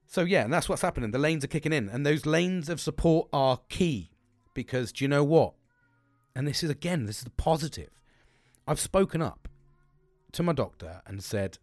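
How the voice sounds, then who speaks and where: A man's voice: on the high side, animated, moderate pace, a little mellow, dry recording. A middle-aged man in a blunt, sweary, rambling monologue who often restarts his sentences.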